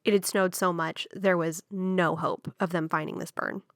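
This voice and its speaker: A young woman recounts a true disaster story on a podcast, chatty and hedging as she goes. Her voice sits low and sounds smooth, recorded close and dry. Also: fairly even intonation, moderate pace, no echo.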